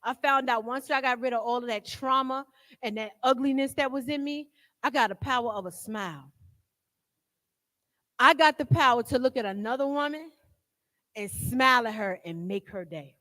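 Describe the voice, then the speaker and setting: A woman's voice: a little high, normal speed, a bit bright. A woman giving a live recovery testimony in a jail, frank and streetwise, telling her story with profanity. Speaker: guest speaker in recovery. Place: jail hall. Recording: long hall reverb.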